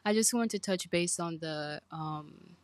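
A woman podcast guest speaking in a calm, measured way. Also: fairly low pitch, no echo. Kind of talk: casual talk.

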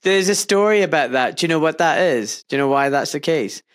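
A man's voice: a little high, animated, fairly quick, dry recording. Joking Scottish man, dry close mic. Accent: Glasgow Kelvinside. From Scotland. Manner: joking, teasing. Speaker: podcast host. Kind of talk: casual chat.

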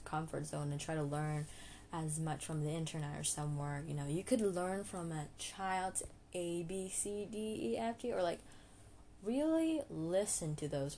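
A woman with a deep, low voice for her sex talks casually as a podcast host. She rambles, giggles and breaks off her own sentences. She drags words out playfully when showing how to say them, over a faint background hiss. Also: dark tone. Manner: rambling, giggly, self-interrupting; playful, drawn-out name demonstrations. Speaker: podcast host giving English tips. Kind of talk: casual solo chat.

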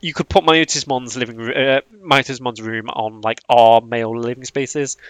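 A man's voice: medium pitch, steady tone, normal speed, clear, resonant tone, no room sound. A man chatting casually on a podcast, laughing often and rambling with restarts. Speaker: podcast host.

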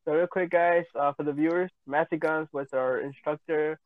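A man's voice: fairly high pitch, steady tone, moderate pace, no room sound, phone-quality sound. A young man hosting a casual podcast with friends, rambling and laughing between questions. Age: young adult. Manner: laughing, rambling with many fillers. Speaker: podcast host.

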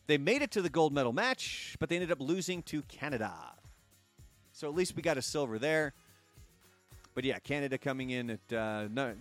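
Chatty and jokey, this man hosts an easygoing live-streamed talk show with the upbeat delivery of a quiz host. His voice leans toward the high side.

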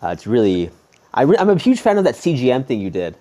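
Mellow-voiced chatty male host. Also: medium pitch, huge pitch swings. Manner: chatty, halting, many restarts and "like"s. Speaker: podcast host. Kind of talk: casual interview chat.

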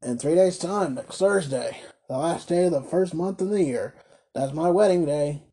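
A man's voice: on the high side, normal speed, husky. A man voicing a scornful, sarcastic middle-aged toy merchant who talks brusquely in a storybook reading. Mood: sly. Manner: brusque, scornful, loud outbursts.

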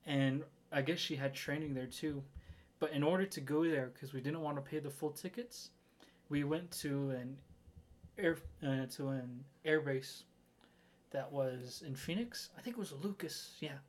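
A man's voice: a little high, measured pace. A young man co-hosting a casual podcast, rambling and laughing often. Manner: giggly, rambling. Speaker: podcast co-host. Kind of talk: casual chat.

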